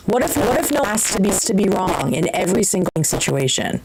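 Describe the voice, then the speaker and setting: A woman's voice: mid-range voice, very animated, a little fast, gravelly, few pauses, background noise. A woman hosting a live-streamed podcast, chatting casually and animatedly, with many fillers and restarts. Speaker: podcast host.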